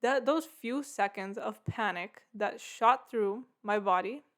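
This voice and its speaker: A woman's voice: medium pitch, slow, a bit bright. A woman hosting her own podcast, telling a story in a casual, rambling way full of "like" and "yeah". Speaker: podcast host.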